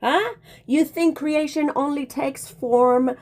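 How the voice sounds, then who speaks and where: A woman's voice: sits high, takes it slowly, a little mellow. Emphatic woman preaching to camera. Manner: emphatic, preachy, calls listeners "darling". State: slightly out of breath. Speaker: spiritual video creator. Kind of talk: casual monologue to camera.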